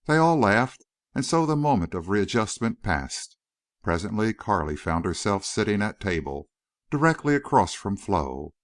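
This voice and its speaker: A male audiobook narrator with a low, lively voice reads scripted narration at a moderate pace. The recording is clean studio audio with no room sound.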